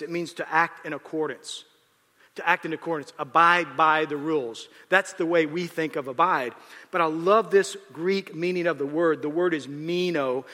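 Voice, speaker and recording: A male pastor preaching a sermon, swinging from loud, emphatic outbursts to quiet, confiding asides. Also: on the high side, long reverb tail.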